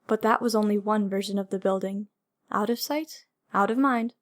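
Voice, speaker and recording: A woman narrating a fantasy audiobook in a measured, descriptive way. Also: medium pitch, fairly even intonation.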